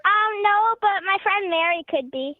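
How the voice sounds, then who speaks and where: A child in fourth grade calling into a podcast by phone, giving shy, brief answers. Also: female voice, very high voice, lively intonation, unhurried, no room sound. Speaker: caller. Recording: tinny dry phone line.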